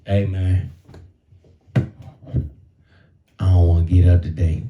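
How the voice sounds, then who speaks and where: A man voicing his own arthritic knee as a stubborn, lazy male character with a low grumbling drawl. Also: little pitch movement, takes it slowly, narrow, tinny audio, noisy background. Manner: whiny and stubborn.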